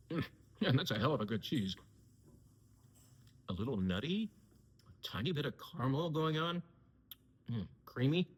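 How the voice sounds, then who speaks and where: A man's voice: medium pitch, slightly rough, in a large hall. A man hosting a casual talk to camera from a wine shop, chatty, with many fillers and self-corrections.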